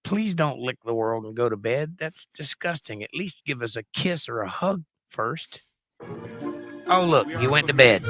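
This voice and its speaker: A man's voice: fairly high pitch, expressive, moderate pace, pushed and bright, no echo. A man with a Southern US accent giving sarcastic, theatrical commentary over news clips. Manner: sarcastic, theatrical announcer bursts. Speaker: guest commentator.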